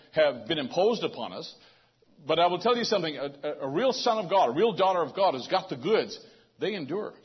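A man's voice: fairly high pitch, husky. A man preaching a sermon to a congregation in a loose, conversational way, often restarting his phrases. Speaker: pastor. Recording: dull lo-fi sound.

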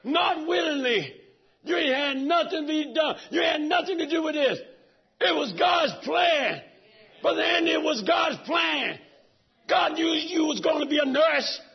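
A middle-aged man with a raspy, gravelly voice, preaching a sermon that swings from soft talk to shouts. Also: very high-pitched, expressive, measured pace, highs cut off, a faint crowd. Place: church sanctuary.

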